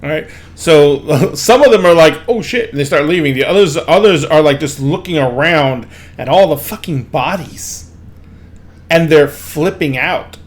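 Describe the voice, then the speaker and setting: A man's voice: fairly high pitch, a little slow. A man narrating a tabletop game as game master, in loose, rambling sentences full of fillers.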